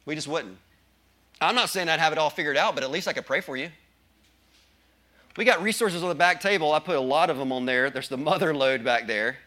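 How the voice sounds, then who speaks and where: A man's voice: on the high side, a little fast, sharp tone. A male pastor preaching a sermon with emphasis, often asking the congregation questions.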